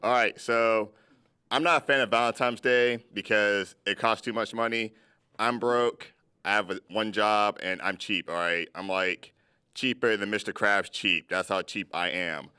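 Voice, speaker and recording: Bright-toned young comedian, low voice. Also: male voice, fairly even intonation, measured pace, clear, resonant tone, dry recording, clean studio sound. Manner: joking, self-mocking. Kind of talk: comedy sketch banter.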